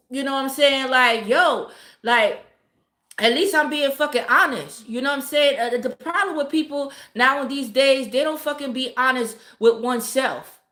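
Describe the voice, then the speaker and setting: A woman's voice: on the high side, fairly bright tone. Blunt, profane woman ranting in an echoey room. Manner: blunt, profane, greets viewers by name. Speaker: live-stream host. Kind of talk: casual live-stream rant.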